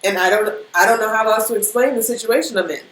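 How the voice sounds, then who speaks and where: A woman's voice: a little high, fast. Emotional woman giving a spiritual pep talk. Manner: emotional, animated, speaks in rhythm with many fillers. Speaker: spiritual reader. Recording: echoey room with faint background noise.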